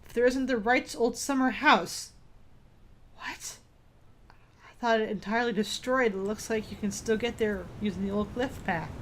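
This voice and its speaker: A woman's voice: fairly high pitch, normal speed, slight background noise, close to an everyday voice. A woman voicing a grim, vengeful old male fisherman in a game, reading the dialogue aloud with a few stumbles.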